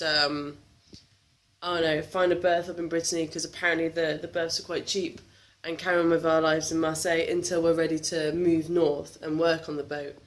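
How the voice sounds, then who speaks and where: A woman from England talking candidly to the camera in a vlog, frustrated and emotional, with faint background noise. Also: lowish voice. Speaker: vlogger.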